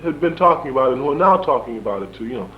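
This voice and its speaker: Brief: young male interviewee, animated storyteller who chuckles and acts out lines; muffled archival audio. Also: medium pitch, racing. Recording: dull lo-fi archival tape with faint hum.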